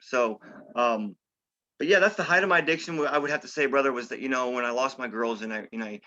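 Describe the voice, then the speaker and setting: A middle-aged man speaks quickly in a bright, forceful voice, filling his talk with "you know" and street slang. The recording sounds a little dull and lo-fi. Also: medium pitch. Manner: conversational, peppered with "you know" and "okay?". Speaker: interview guest. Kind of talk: candid recovery story. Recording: slightly dull, lo-fi audio.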